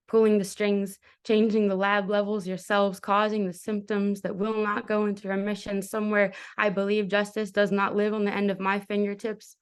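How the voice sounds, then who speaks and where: A woman's voice: medium pitch, clear, resonant tone. A young woman performing a spoken word poem at an open mic, addressing God over and over with raw intensity. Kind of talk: spoken word poetry reading.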